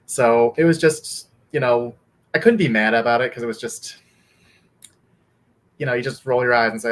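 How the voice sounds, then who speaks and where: A man on a sports chat panel, laying out his frustration in a measured, steady way. His voice sits at an ordinary middle pitch. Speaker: podcast panelist.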